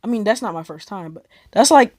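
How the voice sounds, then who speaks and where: A woman's voice: mid-range voice, lively intonation, a little fast, darkish tone, no echo. Young woman vlogging, rambly and breathless, lots of likes and oh my gods, dead dry sound. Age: young adult. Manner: rambling, breathless retelling with many likes and repeats. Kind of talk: casual storytelling vlog.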